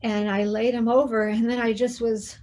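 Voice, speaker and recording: A woman hosting an interview, telling a personal story in a soft, hushed way and acting out the quoted dialogue. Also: fairly high pitch, little pitch movement, normal speed. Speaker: interview host.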